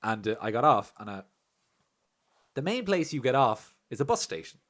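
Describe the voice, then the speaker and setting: A young Irish man co-hosting a casual podcast, telling stories with lots of swearing, laughter and loud acted-out quotes. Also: mid-range voice, moderate pace. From Ireland. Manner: animated, swearing, laughs often, acts out quotes loudly. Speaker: podcast co-host.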